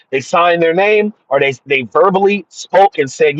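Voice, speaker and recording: A man's voice: a little high, normal speed, no room sound. A man giving an emphatic, repetitive religious monologue about spirits. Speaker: spiritual commentator. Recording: dull dry lo-fi sound.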